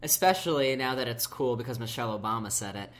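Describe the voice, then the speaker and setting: A man co-hosts a casual podcast in an easygoing, agreeable way. He often backs up his co-host and fills his pauses with "um" and "like" as he talks. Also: mid-range voice, fairly bright tone. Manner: easygoing, agreeable, many fillers. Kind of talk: casual chat.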